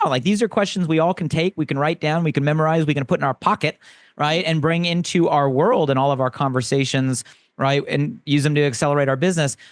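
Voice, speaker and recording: A man's voice: medium pitch, no echo. A man hosting a podcast, asking eager questions and praising his guest with lots of "like". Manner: enthusiastic, frequent filler "like". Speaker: podcast host. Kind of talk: podcast interview. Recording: dry close mic, faint music.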